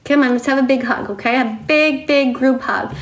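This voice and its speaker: A woman's voice: high-pitched, moderate pace. A woman on a livestream, reading to viewers and talking to them in a coddling, sing-song way, like a teacher with small children.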